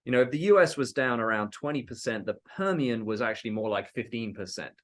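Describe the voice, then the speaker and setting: A man co-presenting a business webinar as an industry analyst, talking conversationally with frequent fillers that trail off softly. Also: medium pitch, expressive, quick pace.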